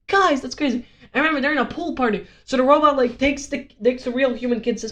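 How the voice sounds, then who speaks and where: A woman's voice: high-pitched, expressive, quick pace, a bit bright. Rambling, sarcastic woman vlogger. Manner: rambling, sarcastic, swears a lot. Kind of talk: casual rambling rant.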